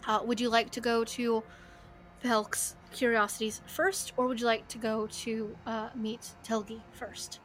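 A woman voicing a kindly, worried very old village man who speaks slowly and hesitantly in a tabletop game. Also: a little high, level tone, a bit bright, faint music behind. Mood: concerned. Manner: slow, hesitant, polite.

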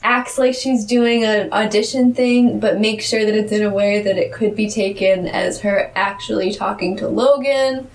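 A woman co-hosting a casual podcast recap, animated and laughing, with playful asides. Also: mid-range voice, normal speed, few pauses. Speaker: podcast co-host. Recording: distant mic with faint noise.

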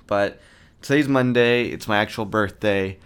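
Ranting man in his thirties, low voice. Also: measured pace, smooth. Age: 30s. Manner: profane, ranting, sarcastic; self-described monotone delivery. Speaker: podcast host. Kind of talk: casual solo podcast rant.

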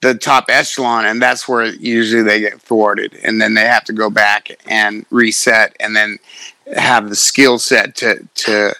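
A middle-aged man, a fighter, telling stories in casual chat, profane and animated, acting out quotes. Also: fairly low pitch, measured pace, no echo. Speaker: guest, fighter.

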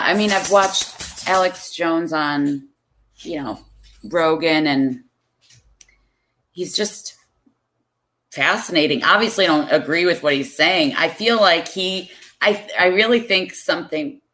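A woman guest on a podcast, talking casually in an unhurried, thoughtful way with some hesitation. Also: deep voice, fairly bright tone, low-quality recording.

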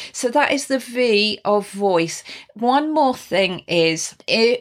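A woman presenting a friendly, explanatory lesson on video call skills, speaking casually to camera with small restarts and light laughs. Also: medium pitch. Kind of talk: casual instructional talk to camera.

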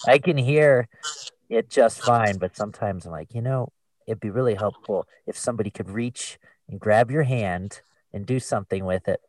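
A man's voice: on the low side, normal speed, darkish tone, dry recording, far from the mic, rough recording. A man hosting a casual interview and teaching music, friendly, with brief affirmations. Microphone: video call.

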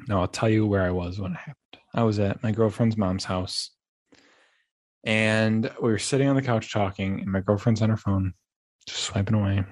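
A young man hosting a podcast, telling casual stories in a rambling, animated way with frequent restarts. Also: lowish voice. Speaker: podcast host. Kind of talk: casual monologue.

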